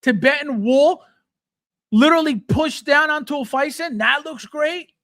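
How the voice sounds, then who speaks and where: A man's voice: extremely high pitch, measured pace, fairly bright tone, no echo, studio quality. A middle-aged man hosting a live chat show, ranting bluntly, mocking fans in put-on voices, and swearing freely. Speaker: host.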